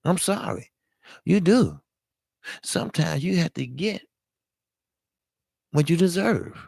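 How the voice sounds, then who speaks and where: A man hosting a live-streamed boxing talk show, hoarse from talking all day, giving blunt, emphatic and profane commentary while greeting viewers. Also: a little high, big pitch swings, takes it slowly, long pauses, darkish tone, dry recording.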